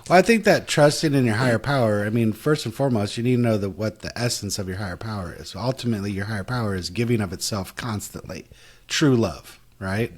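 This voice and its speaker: Husky blunt man on a podcast. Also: on the low side, fast talker. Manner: blunt, animated, salty language. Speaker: podcast co-host. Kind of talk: casual spiritual recovery talk.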